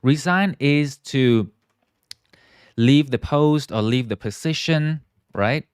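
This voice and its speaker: In a live online English lesson, a man with a smooth, medium-pitched voice explains words slowly, stretching out key terms and frequently checking in with viewers. He models pronunciation and asks them to repeat. The recording is dry and studio quality.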